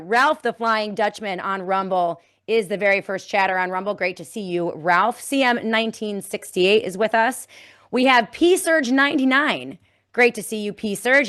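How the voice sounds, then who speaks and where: A woman's voice: medium pitch, a bit bright, clean tone. A woman hosting a live-streamed commentary show, talking in an indignant, sarcastic, rambling way with frequent restarts. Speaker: talk show host.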